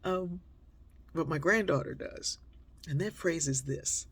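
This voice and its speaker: An older woman telling a personal story in a conversational way, slowing down and sinking to a near whisper on key points. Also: low-pitched, slightly rough. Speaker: speaker and author.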